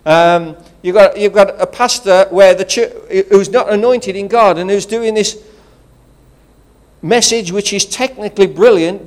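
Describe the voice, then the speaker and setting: A man's voice: sits high, unhurried. A man with a regional English accent, preaching a sermon as pastor, rousing and conversational, with calls of praise. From England.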